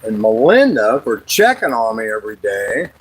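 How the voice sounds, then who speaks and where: Lively joking man chatting outdoors. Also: normal speed, husky, rough recording. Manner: rambling, joking, breaks into high sing-song bits. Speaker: livestream host. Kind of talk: casual livestream chat. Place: outdoors by the water, fishing.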